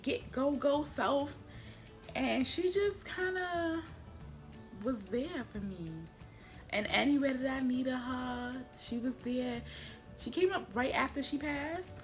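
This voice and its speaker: A young woman, vlogging at home in a casual, slangy way that turns emotional at times. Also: a little high. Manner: chatty, slangy, emotional, quietly tearful at times. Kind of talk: casual chat.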